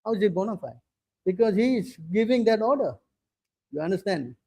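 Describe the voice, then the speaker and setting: This native English-speaking preacher leads a scripture class in a high, expressive voice that moves a little fast, sounding slightly mellow and a touch rough, with no echo. He keeps pressing his points, firing questions at his audience and repeatedly insisting that they listen.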